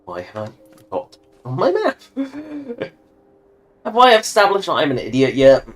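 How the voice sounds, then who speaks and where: A man's voice: high voice, wildly swooping pitch, a little slow. Joking man streaming a game. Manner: joking, self-mocking, rambling asides. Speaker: livestreamer. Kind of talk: casual gaming commentary. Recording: voice over game audio and music.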